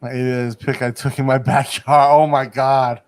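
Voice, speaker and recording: A man's voice: mid-range voice, level tone, unhurried, smooth. A man hosting a casual livestream chat from a studio in Bangkok. He rambles, laughs often and hedges his points. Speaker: livestream host.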